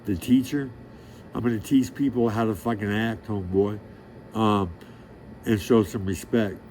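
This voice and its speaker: A middle-aged man with a somewhat low voice delivers a rambling monologue straight to the listener. He is brash and crude, bragging and peppering his talk with street slang. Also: mellow, a little hiss or hum. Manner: profane, boastful, streetwise; rambling, loses track of the story. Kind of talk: rambling direct-to-camera monologue.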